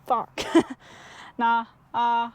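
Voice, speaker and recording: A woman's voice: on the high side, completely flat delivery, very slow, clear, resonant tone. A young woman from Denmark talking casually to camera in a vlog, hesitant with many fillers, sometimes dropping to a half-whisper. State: sick, in bed. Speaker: vlogger.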